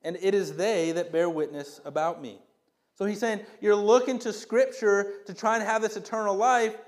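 Reading scripture and unpacking it for listeners, a high-voiced man preaches as a pastor. He speaks emphatically yet conversationally, leaning on rhetorical questions.

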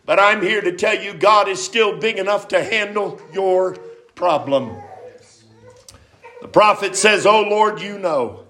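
A man preaching a revival sermon with emphasis and repetition, rising at times to sudden shouts. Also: high-pitched, measured pace, long pauses. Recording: roomy church echo.

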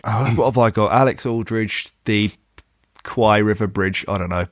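A man with a fairly low voice reads a listener's email on his podcast at a moderate pace. The recording is dry, and he cracks up with giggles over and over while reading.

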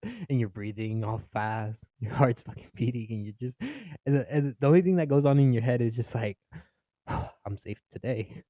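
A man's voice: mid-range voice, normal speed, mellow, no echo, dull audio. A young Mexican-American man doing stand-up comedy, swearing freely, laughing at his own jokes and acting out his family.

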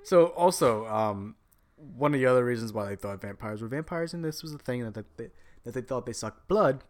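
A man's voice: medium pitch, animated, brisk. A man co-hosting a podcast, casually explaining stories in a blunt way and swearing freely. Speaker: podcast co-host. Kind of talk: casual chat.

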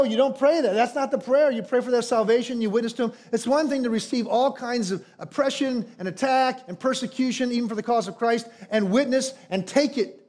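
A pastor with a noticeably high voice and a darkish tone delivers a sermon. He preaches emphatically, throwing out rhetorical questions and acting out quoted prayers.

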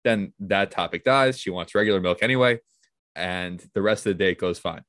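Very low-voiced podcast host. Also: male voice, a bit bright, dry recording, studio quality. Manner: playful, runs quick segments and questions. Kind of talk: casual podcast interview.

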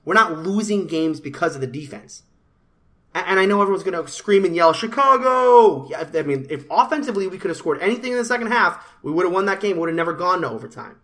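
Man, sports talk host, bright voice, exasperated rant, repeats himself for emphasis. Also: sits high, lively intonation, fast talker. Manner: ranting, repetitive, exasperated.

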